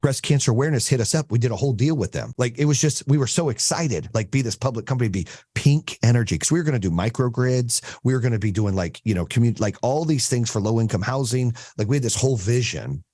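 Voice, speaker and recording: A man's voice: medium pitch, animated, quick pace, hardly any pauses, mellow, no room sound. A man coaches a small group on business in a blunt, profane, storytelling manner, acting out quotes from clients. His voice sits in a middle range and is recorded close and dry, with almost no room sound. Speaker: podcast host and business coach.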